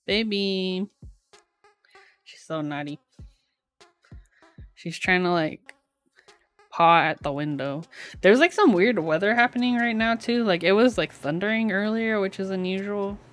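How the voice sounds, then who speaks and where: A woman's voice: medium pitch, a little slow, long pauses, no echo, faint music behind. A young woman streaming from home as she builds a keyboard, chatting casually with frequent giggles and lots of "like". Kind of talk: casual live-stream chat.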